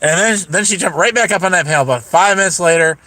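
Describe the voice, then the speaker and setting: A man's voice: high-pitched, fast talker, pushed and bright, no room sound. A man ranting casually to his live chat as a stream host, swearing freely and telling a story with mocking impressions. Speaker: YouTube livestream host.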